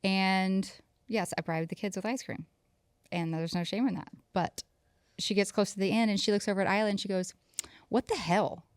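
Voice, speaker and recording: A woman's voice: medium pitch, steady tone, fairly quick, clear, resonant tone, no echo, studio quality. A woman in her thirties co-hosting a podcast, telling a story about her kids in casual chat and acting out their lines. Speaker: podcast co-host.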